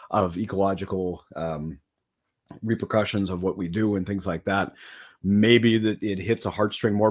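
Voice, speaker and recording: A man hosting a podcast, talking in a relaxed, rambling way with frequent restarts. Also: on the low side, slightly rough. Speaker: podcast host. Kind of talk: casual chat.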